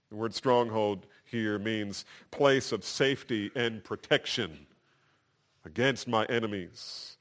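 Emphatic male preacher. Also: lowish voice. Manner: emphatic preaching, swelling louder and slower on key phrases. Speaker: pastor. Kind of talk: sermon.

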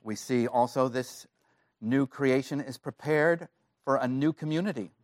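A male pastor preaching a sermon, earnest and emphatic, rising to excited emphasis on key points. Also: medium pitch, unhurried, no room sound, studio quality.

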